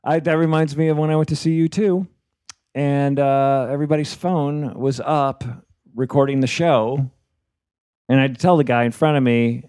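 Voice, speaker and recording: A man's voice: mid-range voice, fairly even intonation, moderate pace, darkish tone, clear, resonant tone, no room sound, clean studio sound. Profane ranting man on a podcast. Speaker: podcast host. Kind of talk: casual podcast chat.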